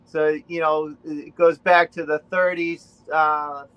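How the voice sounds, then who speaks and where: Chatty Boston-accented man, higher voice. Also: flat delivery, slow, dull audio, slight background noise. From Rhode Island. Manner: rambling, chatty, with many fillers. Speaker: guest. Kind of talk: casual chat on a video call.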